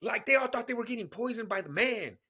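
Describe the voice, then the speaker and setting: A high, bright-voiced man in his thirties chats on a podcast. He swings widely in pitch, swears freely and breaks into laughter as he talks. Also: fast talker, husky. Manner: animated, swears often, laughs a lot. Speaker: podcast co-host. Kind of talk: casual chat.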